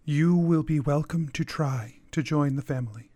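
A man voicing a calm, solemn masked woman of a wandering family, who speaks slowly and cryptically. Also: on the high side, no room sound, lightly acted. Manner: slow, measured, cryptic.

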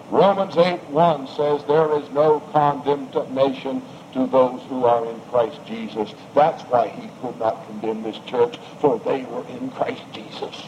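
A male preacher delivers a sermon in a slow, deliberate cadence, repeating key phrases for weight. His voice sits a little high. The recording is dull and lo-fi, with faint background noise. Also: a little mellow. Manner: emphatic, rising and falling delivery with repetition.

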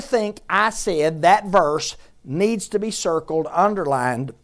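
A woman teaching a Bible class to a room of listeners, lively and joking as she quizzes them. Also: lowish voice, slow. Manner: lively, jokey, quizzes the audience.

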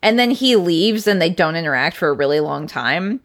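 A woman talks casually as a podcast co-host, her voice sitting on the low side. She chats loosely, laughs often and leans on lots of fillers. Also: animated, normal speed. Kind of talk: casual film discussion.

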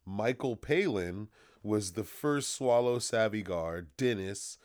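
A man co-hosting a casual film podcast, laughing often and jumping up into high quoted voices. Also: takes it slowly, a little mellow, no room sound, clean studio sound. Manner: laughs often, jumps up high when quoting. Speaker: podcast co-host.

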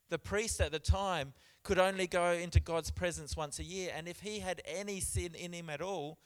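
A man delivering a church sermon, his voice a touch high and clean-toned. He hammers points with repetition and moves between hushed remarks and loud emphatic scripture readings. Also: clear, resonant tone. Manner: preaching with emphatic repeats, shifting loud and soft. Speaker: pastor.

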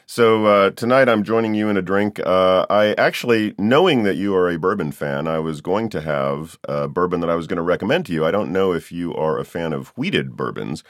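Deep-voiced man hosting a relaxed chat. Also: fairly quick, few pauses, no room sound, studio quality. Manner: easygoing, curious questioner. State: getting over a cold. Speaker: podcast host. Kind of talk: casual interview.

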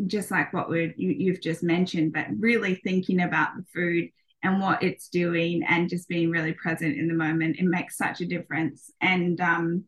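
A woman's voice: lowish voice, little pitch movement, moderate pace. A woman in her thirties, a podcast guest, talking casually with many ums and restarts.

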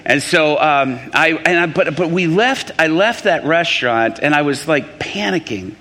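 A man's voice: on the high side, normal speed. Man telling a testimony in a reverberant hall. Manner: animated storytelling with restarts and acted quotes. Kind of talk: testimony sermon.

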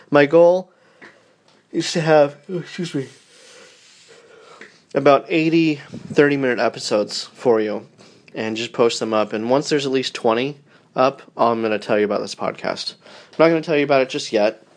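Casting note: a sleepy man in his thirties with a mid-range voice, talking in a loose, tender, rambling way to his wife. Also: medium pitch. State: tired, yawning. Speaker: podcast host. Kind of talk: personal audio diary to his wife.

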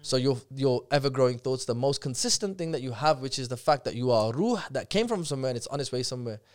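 A man, a podcast guest talking fast and animatedly, breaking off and restarting his sentences as he tells stories. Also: mid-range voice, animated, a little mellow. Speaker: guest speaker. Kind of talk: casual podcast conversation.

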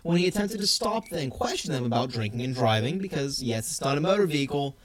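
A man co-hosting a podcast, recounting a news story in a casual, animated way and laughing often. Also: mid-range voice, fast, over a noisy crowd. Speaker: podcast co-host.

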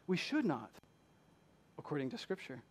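A man's voice: on the high side, very animated, moderate pace, husky. A man from Michigan with a Southern accent, preaching a passionate sermon in a church and asking the congregation many rhetorical questions. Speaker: pastor.

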